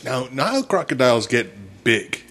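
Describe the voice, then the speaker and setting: A man's voice: medium pitch, big pitch swings, moderate pace, a bit bright. A man co-hosting a casual podcast chat, asking questions and making dry remarks. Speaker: podcast co-host.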